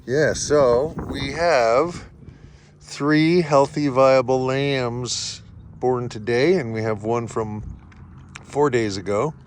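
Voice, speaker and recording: A man, a sheep farmer, chatting relaxed in a casual farm vlog outside in a pasture, talking to his animals, recorded on a handheld camera. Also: medium pitch, slow pace. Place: outdoor pasture among solar panels. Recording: noisy outdoor recording.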